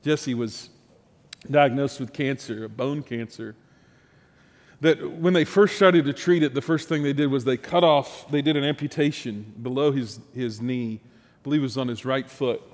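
A man's voice: medium pitch, normal speed, long reverb tail. A middle-aged man, a pastor preaching a sermon and telling stories with mounting emphasis. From Texas, USA. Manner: storytelling, animated, with rising emphasis and restarts.

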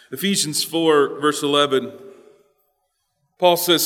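A male pastor delivers a forceful sermon, frequently repeating himself and moving from hushed asides to loud stresses, his words trailing in long hall reverb. He speaks high, unhurriedly, and pauses often.

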